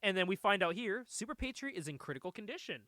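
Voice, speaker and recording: A man hosting a casual comic book podcast, animated and swearing freely, laughing often as he talks. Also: sits high, quick pace, no room sound. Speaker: podcast host.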